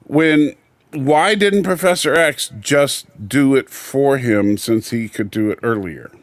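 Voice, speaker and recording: A man's voice: mid-range voice, slow, dry recording. A man co-hosting a casual review podcast, teasing his partner and laughing often. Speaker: podcast co-host.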